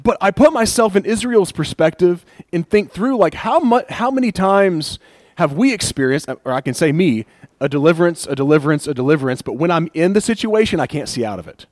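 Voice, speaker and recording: A man preaching a conversational sermon, animated and acting out people's complaints with laughs. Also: sits high, fairly quick, no room sound. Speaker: pastor.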